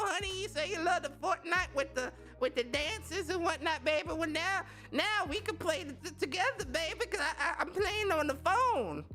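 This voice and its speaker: A doting old grandma with a high, quavering falsetto, rambling and hesitant as she sweet-talks her grandson. She pitches far above an ordinary speaking voice, with faint music underneath. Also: pushed and bright, full character voice.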